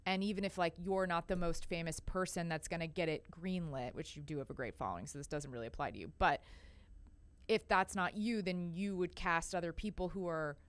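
A woman speaking as a podcast guest, talking in a rambling, animated way with many fillers. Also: fairly low pitch, fairly quick, smooth. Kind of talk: casual conversation.

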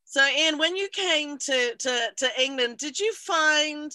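Woman panel moderator, halting questioner, very bright tone, dry close sound. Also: high-pitched, animated, no room sound. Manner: halting, searching, repeats words. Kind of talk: conversational interview questions.

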